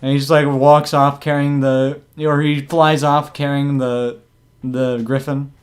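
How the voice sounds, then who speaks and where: A man narrating as game master of a tabletop game, halting and full of restarts. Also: mid-range voice, little pitch movement. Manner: halting, many fillers and restarts.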